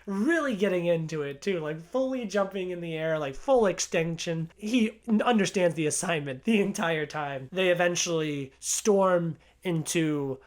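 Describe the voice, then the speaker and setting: A young man giving a casual movie review, gushing and excitable, laughing often and peppering his talk with "like". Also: sits high, moderate pace, few pauses. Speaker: film reviewer.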